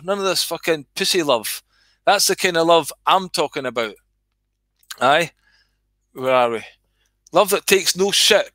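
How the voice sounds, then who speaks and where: A man's voice: on the high side, pushed and bright, no echo. A middle-aged Scottish man reading his comedy skit aloud on a livestream, swearing freely and chatting to viewers.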